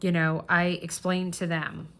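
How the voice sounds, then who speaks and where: Chatty middle-aged woman, slightly low voice. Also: little pitch movement, measured pace, fairly bright tone. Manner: chatty, emphatic and earnest. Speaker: crafting channel host. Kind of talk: casual chat while diamond painting.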